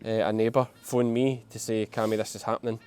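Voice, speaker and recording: A man's voice: lowish voice, level tone, brisk, darkish tone, smooth. A young man with a Scottish accent, a sheep farmer hosting a casual farm vlog outdoors and talking bluntly to the camera. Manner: blunt, swears casually, uses local dialect words. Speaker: sheep farmer and channel host.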